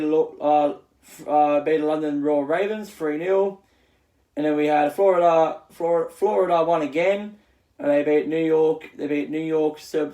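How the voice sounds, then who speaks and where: A man hosting his own channel who runs through esports match results in a casual recap, halting often with fillers and restarts. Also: fairly high pitch, mellow. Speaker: channel host. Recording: echoey room.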